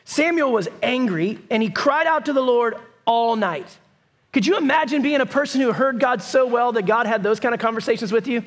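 A man preaching a sermon, telling the story in a lively, conversational way with bursts of raised voice. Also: extremely high pitch, fairly quick. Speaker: pastor.

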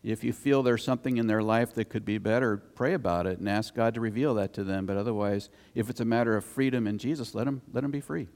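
A man's voice: on the low side, steady tone, fast, few pauses, a little mellow. Man preaching in a reverberant hall. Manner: conversational storytelling preacher, rises to emphatic scripture reading. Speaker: pastor. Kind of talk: sermon. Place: church sanctuary. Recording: long reverb of a church hall.

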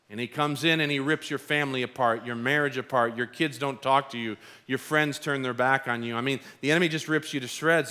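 A middle-aged man preaching a sermon as pastor, telling stories and acting out quoted voices. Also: medium pitch. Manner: animated storytelling, acts out quoted voices.

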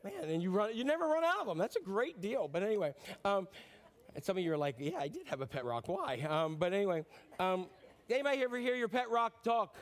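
A middle-aged male pastor with a fairly high voice delivers a sermon. His delivery is animated and conversational, and he swings widely in pitch. He slips in jokes and quiet asides to the congregation. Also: fairly quick. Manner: animated, joking, conversational preaching.

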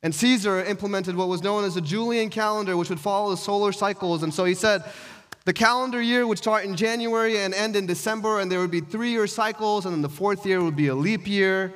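A man's voice: sits high, fairly quick, a bit bright. A pastor delivering a conversational sermon to his church, posing rhetorical questions as he teaches.

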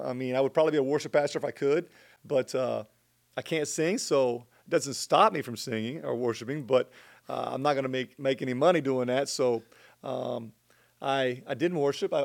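A middle-aged man telling a personal faith story as a guest in conversation, earnest and animated. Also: mid-range voice, a little fast, vocal fry. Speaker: guest sharing his testimony.

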